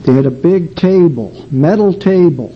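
An older man giving an earnest, emotional sermon testimony, telling a story slowly. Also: a little high, lively intonation. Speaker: preacher. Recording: dull lo-fi recording with faint background noise.

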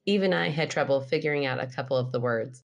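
Woman, 30s, low voice, casual podcast co-host who reads letters. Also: fast talker, vocal fry. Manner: laughs often, reads letters aloud. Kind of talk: casual chat, reading listener stories.

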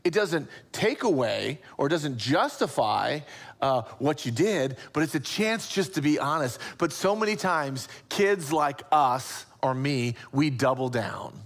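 A man preaching a sermon as pastor, impassioned, dropping soft for emphasis. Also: lively intonation, measured pace. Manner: impassioned, rising pitch on acted quotes, drops to soft near-whisper.

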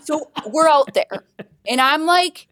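A bubbly young woman tells a story as a podcast guest, bursting into laughter as she goes. Her voice is high and jumps all over. The sound is close and dry. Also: slow, no room sound. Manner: bubbly, excitable, laughs often. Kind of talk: casual storytelling.

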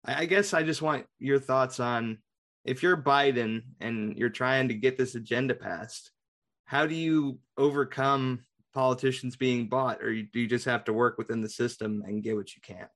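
A man co-hosting a podcast, chatting casually about politics. His voice sits in the middle range. He is wry and quick to joke. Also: mid-range voice, a bit bright. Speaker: podcast co-host.

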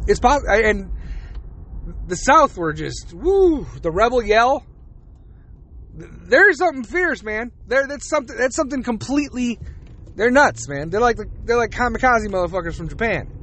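A man's voice: very high voice, animated, normal speed, a bit bright, slight background noise. A man hosting a podcast, ranting in a casual, profane monologue and laughing between rants. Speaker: podcast host.

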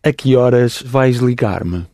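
Man, mellow dark voice, slow measured repetitions, dry sound. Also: mid-range voice, no echo. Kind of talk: model repetition.

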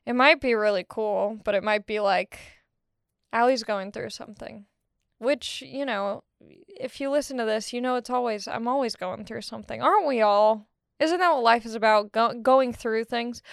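Young woman rambling on her podcast, kinda high voice, super dry and close. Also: normal speed, creaky, clean tone, no room sound. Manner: rambling, self-deprecating, jokey. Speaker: podcast host. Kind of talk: casual monologue.

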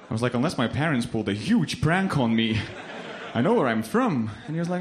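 A young man from Lithuania with a Lithuanian accent performing a stand-up comedy set on a club stage, deadpan and laughing at his own punchlines. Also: on the high side, fairly quick, pauses often.

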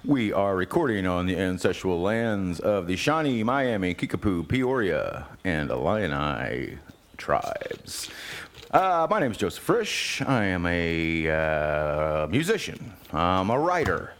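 A man hosts a laid-back community radio chat, his pitch swinging widely as he rambles. He fills gaps with ums and breaks into laughter often. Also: big pitch swings, slow. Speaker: podcast host.

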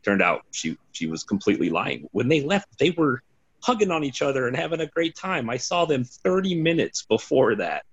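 Man, low husky voice, rambling storyteller with curses, dull lo-fi recording. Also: very animated, moderate pace. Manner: rambling, swearing, laughing storyteller. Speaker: podcast guest, former team DJ. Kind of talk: casual storytelling. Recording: dull lo-fi sound.

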